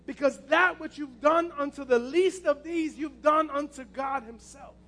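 A man's voice: extremely high pitch, a little slow, pushed and bright. A man preaching a passionate sermon as pastor, repeating his key phrases.

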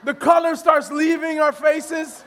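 Animated high-voiced pastor telling funny story. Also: male voice, a little slow, a little hiss or hum. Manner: animated, self-deprecating, laughing, repetitive restarts. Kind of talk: humorous sermon storytelling.

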